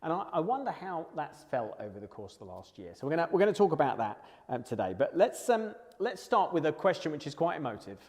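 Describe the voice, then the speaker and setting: Lively man in a reverberant hall. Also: a little high, quick pace, few pauses. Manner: animated, playful teasing. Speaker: co-host. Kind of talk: live church chat show. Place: church hall.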